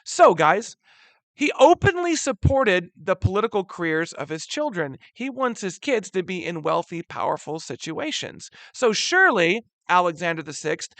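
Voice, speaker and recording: A man teaching a history lesson in a casual, animated way, using slang and often calling his students "guys.". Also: high-pitched, moderate pace, no echo. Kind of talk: casual classroom lecture.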